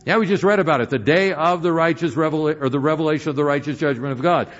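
An older man preaching a sermon as pastor, moving between emphatic points and hushed, quiet stretches. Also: on the high side, quick pace, lo-fi sound.

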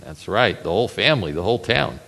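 Animated preacher man in a reverberant hall. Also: fairly low pitch, quick pace, vocal fry. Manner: animated storytelling, rhetorical questions to the congregation. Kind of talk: sermon.

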